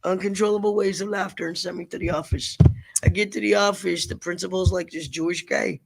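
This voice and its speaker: Middle-aged male comedian guest, gravelly, animated storyteller. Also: sits high, fairly quick. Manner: joking, animated, profane. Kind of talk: storytelling in a casual interview. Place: studio. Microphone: large studio microphone.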